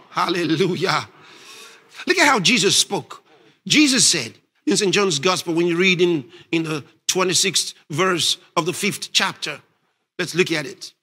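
A male pastor preaching a sermon, reading scripture aloud and questioning his congregation, rising to emphatic shouts on key points. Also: high-pitched, breathy edge. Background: congregation responding.

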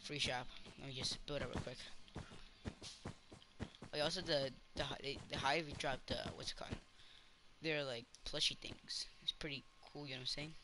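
A man's voice: mid-range voice, normal speed, background noise. A man giving casual gameplay commentary, rambling to himself and cheering his teammate on. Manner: excitable, rambling self-talk with cheering. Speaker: gamer.

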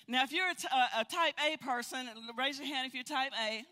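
An older woman teaching a Bible study, telling stories in an animated way and often repeating words. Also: high voice, moderate pace, few pauses. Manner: animated, storytelling with frequent repeats. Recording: hall reverb.

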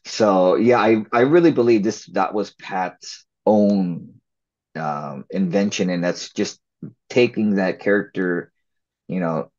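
A male actor and filmmaker in a casual interview, talking in a relaxed, rambling way with many fillers and restarts. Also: low voice, slow. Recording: slightly dull lo-fi audio.

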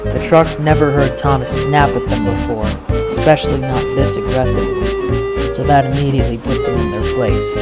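Guy narrating a fan story, middle pitch, music under his voice. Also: steady tone, moderate pace.

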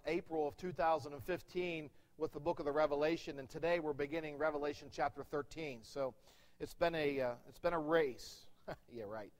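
A man preaching a sermon as pastor, with a Pennsylvania accent, emphatic, swelling loud and dropping quiet. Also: on the high side, in a large hall. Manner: emphatic preaching, rises and drops in volume. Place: church sanctuary.

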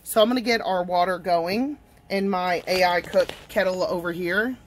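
A woman talks through a casual tea review vlog from her home desk. Her voice sits a little low, and she gushes and chats directly to the people watching. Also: moderate pace, slight background noise. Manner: chatty and gushing, talks straight to viewers. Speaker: tea vlogger.

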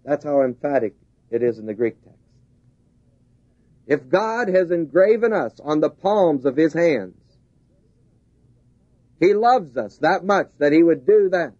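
A man's voice: on the high side, big pitch swings, a little slow, long pauses, a little mellow, no room sound. A man preaching a sermon, driving his points home with repeated, rising emphasis. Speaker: pastor. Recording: dull lo-fi 1970s tape.

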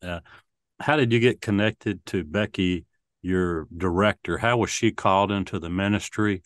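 Deep-voiced interviewer, dry close sound. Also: male voice, normal speed, no room sound. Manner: affirming, hesitant with fillers. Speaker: interviewer host. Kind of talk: interview questions.

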